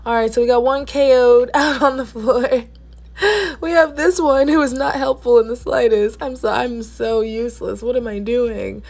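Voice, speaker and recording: A young woman narrating her vlog in a relaxed, chatty way, talking straight to viewers. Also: on the high side, normal speed, vocal fry. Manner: laid-back, chatty, talks to viewers as y'all. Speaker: vlogger.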